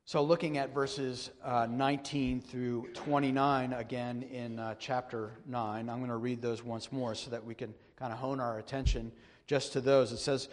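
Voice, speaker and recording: Male pastor, earnest and measured, mid-range voice, preaching in a reverberant church hall. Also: medium pitch. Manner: earnest, measured, repeats and restarts phrases. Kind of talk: sermon with scripture reading.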